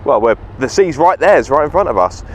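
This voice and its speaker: A man, hosting a car vlog in casual, deadpan joking chat. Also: on the high side, brisk, slight background noise. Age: 30s. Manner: playful, deadpan joking, stumbles over words. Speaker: vlog host. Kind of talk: casual chat while driving and on location. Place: small car on the road, then outdoors by the sea.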